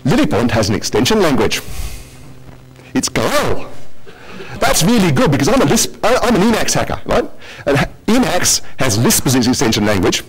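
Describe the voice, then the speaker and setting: Animated man giving a technical talk. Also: a little high, normal speed, rough recording. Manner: animated, joking asides to the audience. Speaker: conference presenter. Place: lecture hall.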